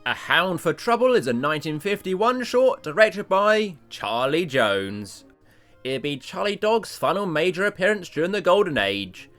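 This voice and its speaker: A man narrating a cartoon review video with animated, self-deprecating jokes. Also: sits high, normal speed, faint music behind.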